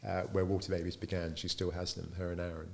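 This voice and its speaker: A man's voice: low voice, fast talker, gravelly. A middle-aged man, a business founder, tells anecdotes in an interview and acts out the dialogue in them. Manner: lively storyteller who acts out quoted dialogue.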